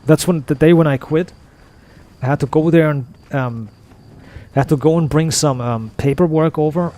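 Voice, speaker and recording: A man's voice: on the high side, normal speed, mellow. Fed-up man ranting with heavy swearing. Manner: frustrated, profane, repetitive ranting. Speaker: gaming video creator. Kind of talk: off-topic rant over gameplay.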